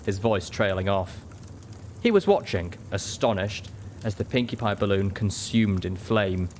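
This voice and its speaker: A man narrating a story in first person with a steady, dramatic reading. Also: fairly low pitch, unhurried, slight background noise. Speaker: audiobook reader.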